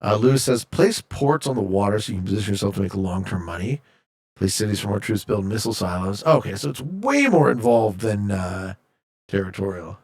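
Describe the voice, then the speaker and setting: A man's voice: on the low side, big pitch swings, a little fast, a little mellow, slightly rough. A man streaming a game, casually reading viewer chat aloud and joking as he answers, from Canada. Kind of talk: casual live-stream chat while gaming.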